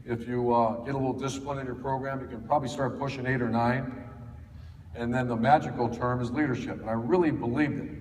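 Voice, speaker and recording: A football coach from Ohio speaks at a clinic, telling folksy, anecdotal stories to the audience with many fillers and restarts. His medium-pitched voice is steady, fairly quick, and darkish, recorded from a distance in an echoey hall with faint ambience and slight background noise.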